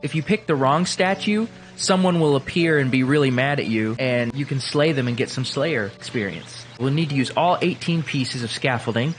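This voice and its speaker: A young man hosting a gaming video, chatting casually and playfully as he plays, swinging between excited bursts and quiet mumbling. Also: medium pitch, normal speed, faint music behind. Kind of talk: casual gameplay commentary.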